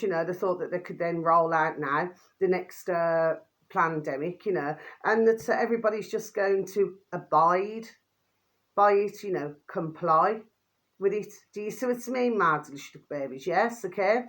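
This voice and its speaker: A woman, rambling through casual commentary, full of fillers and tag questions, with quick low asides to her viewers. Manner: drops pet phrase "my delicious babies" in a quick low aside. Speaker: vlogger commenting on videos.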